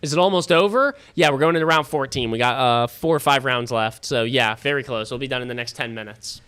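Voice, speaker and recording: A man's voice: mid-range voice, brisk, pushed and bright, clear, resonant tone. A man hosting a fantasy football livestream from his home studio, chatting loosely with viewers, swearing casually and sounding tired and yawning.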